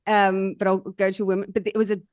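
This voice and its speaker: A woman tells lively stories from her coaching work, laughing often as she goes. Her voice sits in a middle range. The sound is dry and close. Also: mid-range voice, fairly quick, no room sound. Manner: animated, laughing often, acting out quotes. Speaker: somatic coach, guest. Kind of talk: storytelling in casual chat.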